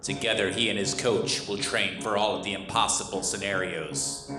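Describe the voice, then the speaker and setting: A man's voice: on the low side, fairly even intonation, moderate pace, natural voice. A man voicing a portentous movie-trailer announcer on a live stage. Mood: dramatic. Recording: live stage with room echo and piano.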